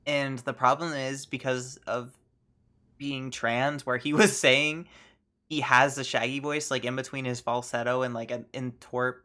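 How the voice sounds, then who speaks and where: Woman streamer, casual gameplay chat, giggly, rambling, bright voice. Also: extremely low pitch, steady tone, a little slow.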